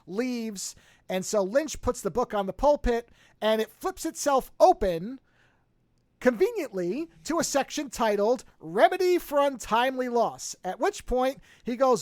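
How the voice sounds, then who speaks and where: A podcast host retells a film in a loose, chatty way, dropping into quick put-on voices for the characters' lines. The sound is dry and close to the mic. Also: mid-range voice, no room sound. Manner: animated, acts out quotes with shifting voices. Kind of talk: casual retelling of a movie plot.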